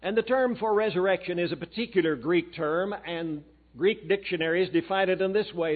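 A male guest preacher delivers a sermon, telling a story in a folksy way and reading quotations aloud. His voice sits a little high. The sound is thin and boxy, like a phone line. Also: normal speed. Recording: tinny phone-like recording.

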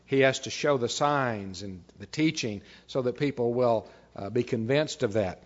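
A man preaching a sermon as a pastor, reading scripture and often dropping to a quiet, measured delivery. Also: mid-range voice. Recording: dull, slightly lo-fi recording.

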